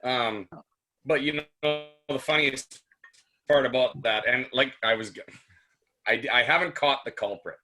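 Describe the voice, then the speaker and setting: A man co-hosting a sports podcast, telling a rambling story in a lively, casual way. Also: mid-range voice, a little slow, pauses often. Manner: animated, rambling anecdote with restarts. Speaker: podcast co-host.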